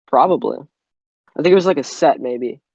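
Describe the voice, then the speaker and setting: A man's voice: medium pitch, moderate pace, gravelly, darkish tone, slightly rough, no echo. A man co-hosting a casual gaming podcast, laid-back, mostly giving short replies. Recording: dull lo-fi mic.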